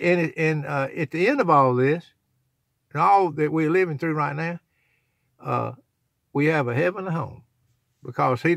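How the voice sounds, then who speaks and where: A man's voice: a little high, gravelly, a bit bright, dry recording, clean studio sound. An older man, rambling in a folksy, preachy way as he talks to his own channel's viewers. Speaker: channel owner. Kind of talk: rambling religious vlog talk.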